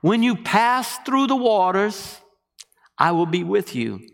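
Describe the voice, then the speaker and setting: Animated male preacher in a reverberant hall. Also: high voice, slow, vocal fry. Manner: animated preaching with call-and-response questions. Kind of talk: sermon.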